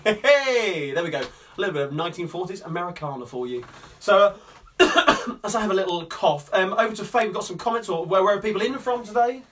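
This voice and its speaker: A man's voice: sits high, expressive, fast talker, fairly bright tone. A man from hosting a live sing-along, chatting upbeat and rambling with lots of fillers. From Coventry, England. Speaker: singer and host of a live-streamed sing-along. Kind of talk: chatty live-stream banter between songs. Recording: distant mic with guitar playing.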